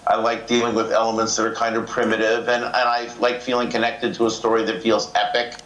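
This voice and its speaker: A man with a lowish voice answers press questions, relaxed and plainspoken. His words echo around the room over a faint hiss. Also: brisk. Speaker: film director. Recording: echoey room with faint noise.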